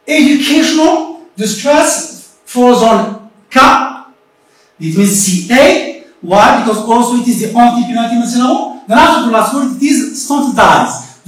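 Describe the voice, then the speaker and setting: A woman teacher giving a remote English lesson, explaining slowly and deliberately and repeating herself often. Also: a little high. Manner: slow, deliberate explaining with frequent repetition. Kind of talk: recorded remote classroom lesson. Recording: very echoey room, voice far from the mic.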